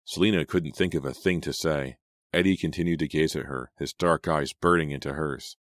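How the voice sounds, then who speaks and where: Very deep-voiced male audiobook narrator. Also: moderate pace, no room sound. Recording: dry close studio sound.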